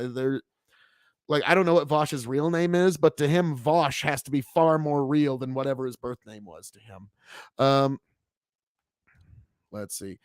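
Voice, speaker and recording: A man's voice: mid-range voice, dry recording, clean studio sound. A man hosting a casual political commentary stream, sarcastic and swearing, laughing at himself now and then. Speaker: streamer host.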